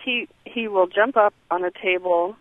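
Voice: mid-range voice, normal speed, no echo. Radio caller, tinny phone line, plain delivery, dry. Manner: plain, lists problems. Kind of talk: phone-in question.

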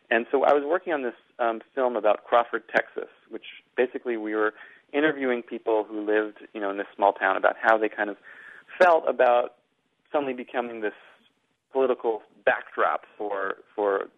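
Man on a tinny phone-like line. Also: lowish voice. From Boston, US. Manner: rambling, with frequent repeated words. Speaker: author and guest. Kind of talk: conversational interview answers.

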